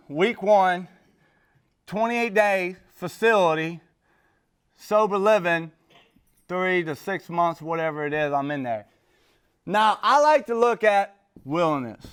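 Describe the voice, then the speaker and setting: A man with a high-sitting, clear, resonant voice gives a personal recovery talk. He tells his story in a rambling, casual way, loaded with street slang.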